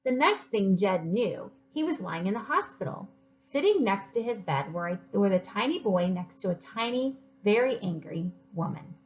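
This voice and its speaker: Expressive woman teacher reading aloud. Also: medium pitch, moderate pace, few pauses, highs cut off. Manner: expressive, animated, encouraging. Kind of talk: reading a story aloud to children.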